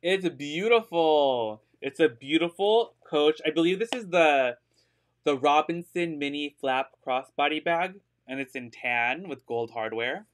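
A man with a fairly high, unhurried voice hosts a live online sale of secondhand designer purses. He chats casually with plenty of fillers, giggles often and gushes over the bags in an upbeat way.

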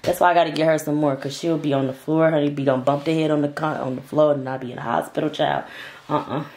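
A woman's voice: deep voice, fairly even intonation, fairly quick, a bit bright. A woman making a casual home vlog, coaxing her baby in sing-song baby talk and chatting to viewers at home. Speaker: vlogger and mother. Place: home with wood and tile floors.

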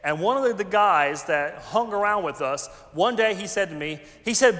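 High-voiced pastor in a hall. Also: male voice, normal speed, few pauses. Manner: conversational, animated, folksy asides. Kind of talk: sermon. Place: large church sanctuary. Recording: long hall reverb.

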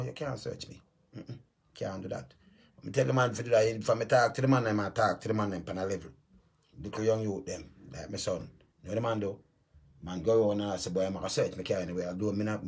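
A Jamaican man talks through a grievance in a heated, emphatic way, putting on other people's voices as he goes. His voice sits low and sounds deeply husky and rough. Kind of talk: animated personal account.

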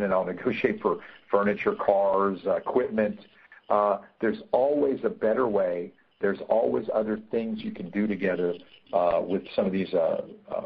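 Gravelly and husky, his lowish voice carries a negotiation webinar over a tinny, phone-style line. The trainer is emphatic, restates his key points, and peppers his talk with fillers.

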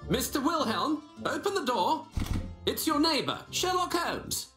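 Cocky detective, teasing, super swoopy pitch, music under it. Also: female voice, very animated, a little slow. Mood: wry. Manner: witty, theatrical, teasing. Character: Sherlock Holmes, brisk confident detective. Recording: game audio, echoey with music.

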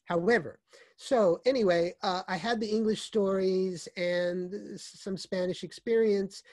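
A man speaking as an author guest in a conversational interview, with a warm, mellow tone. He explains things in a measured way and often circles back to restart a phrase. The recording is dry and close, with little room sound. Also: high voice, fairly even intonation, dry recording.

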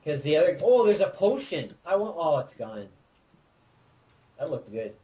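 A man co-hosting a let's play, chatting casually and excitedly while directing his partner through a game. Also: on the high side, normal speed, low-quality recording. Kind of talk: casual gameplay chat.

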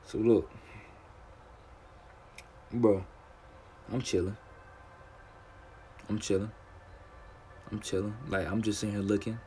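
A man's voice: on the low side, darkish tone, slight background noise. A young man telling a rambling, profane story while playing a game, with stutters and restarts. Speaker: gaming streamer. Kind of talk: casual storytime over gameplay.

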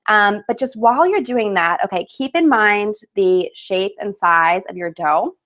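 A woman's voice: mid-range voice, measured pace, a bit bright. A woman hosting a casual live craft webinar from home on a webcam, chatty and upbeat, with fillers and laughs.

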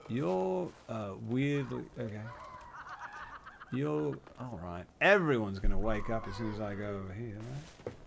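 An excitable streamer hams up a fake Texas drawl while he plays, his voice leaping all over as he yells at the screen. Game sound runs loud underneath him. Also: mid-range voice, measured pace, creaky, a little hiss or hum. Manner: putting on a joking Texas drawl. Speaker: gameplay streamer. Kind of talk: live let's-play commentary.

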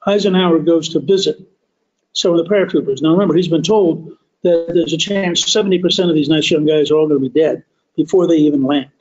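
A man's voice: on the high side, quick pace, a little mellow. Emphatic male history storyteller, dull audio. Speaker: podcast host.

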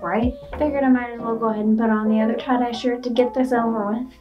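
A young woman vlogger chatting playfully through a clothing try-on haul, full of "like" and "okay?". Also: high voice. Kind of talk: casual try-on haul chat. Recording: muffled and distant with background music.

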